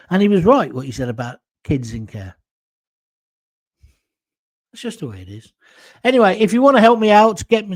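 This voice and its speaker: A middle-aged British man hosting a solo commentary stream, talking in a chatty, blunt and jokey way. His voice sits a little higher than most men's. He reads out viewer comments as he goes. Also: very animated, normal speed, pauses often, dry recording. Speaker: show host.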